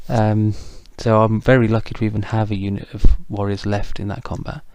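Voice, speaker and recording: A man's voice: on the low side, level tone, brisk, a little mellow, no room sound, highs cut off. A man casually narrating a tabletop wargame battle report, chatty and self-deprecating, with frequent ums. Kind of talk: casual game recap narration.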